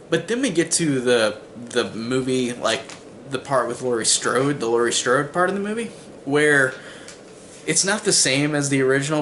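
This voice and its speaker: A man's voice: medium pitch, fairly bright tone, a little hiss or hum. A man casually reviewing a movie on his channel, rambling with lots of "like" and "um", and swearing when he gets exasperated. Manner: rambling, heavy use of "like" and "um". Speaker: film reviewer.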